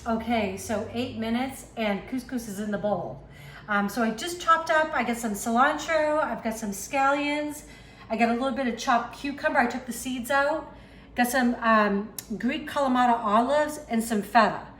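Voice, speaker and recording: A woman's voice: a little high, moderate pace, fairly bright tone. Chatty Boston woman in an echoey kitchen. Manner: chatty, talks while working, self-deprecating asides. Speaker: home cook, channel host. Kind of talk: casual cooking demonstration. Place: home kitchen. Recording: echoey kitchen with faint background noise.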